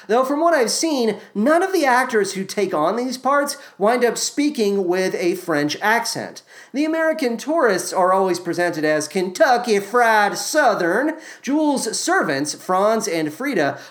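A man hosting a scripted theater review podcast, reading his notes with wry, sarcastic asides. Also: sits high. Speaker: podcast host.

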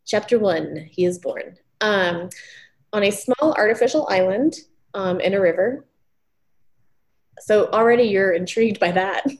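A woman's voice: medium pitch, unhurried, pauses often. A young woman co-hosting a podcast, a former teacher, chatting casually with lots of ums and likes and frequent giggles. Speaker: podcast co-host. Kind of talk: casual chat, retelling research.

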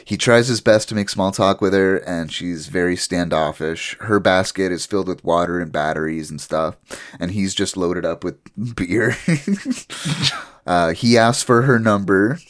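Low-voiced man recapping a show. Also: moderate pace. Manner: chatty storytelling, laughs at his own jokes. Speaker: podcast host. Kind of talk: casual episode recap.

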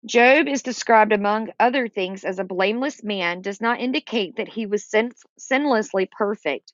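A woman's voice: medium pitch, normal speed, dry recording, muffled recording. A woman leading a Bible study, reading scripture aloud and explaining it in plain words with small fillers. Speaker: Bible teacher.

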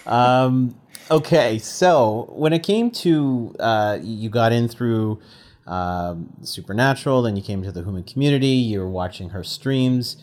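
A man hosting a casual podcast interview, pausing often and filling the gaps with ums. His phrases tend to trail off quietly. His pitch is ordinary for a man. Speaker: podcast host.

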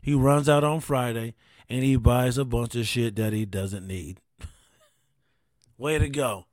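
A man's voice: mid-range voice, unhurried, pauses often, a little mellow, no echo, studio quality. A man hosting his own podcast, rambling casually and swearing as he jokes to camera. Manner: rambling, profane and joking. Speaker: podcast host. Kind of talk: casual solo podcast chat. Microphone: studio mic on camera.

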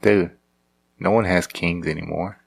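A man's voice: sits low, fairly even intonation, a little slow, gravelly, slightly rough. A married man riffing in a casual, sarcastic, rambling monologue, often restarting his sentences. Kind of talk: casual comedic commentary.

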